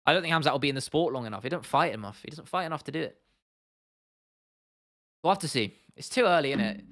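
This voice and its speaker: A man's voice: on the high side, expressive, fast, a bit bright, no room sound, studio quality. A man hosting an MMA livestream, chatting casually and answering viewer comments in a rambling, sweary way. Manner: rambling, swears freely, lots of restarts and fillers.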